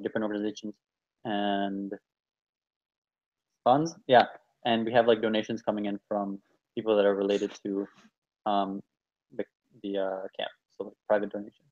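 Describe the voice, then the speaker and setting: A man's voice: on the low side, darkish tone. Hesitant man on a dull video call. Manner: hesitant, many fillers. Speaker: meeting presenter. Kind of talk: casual video call meeting.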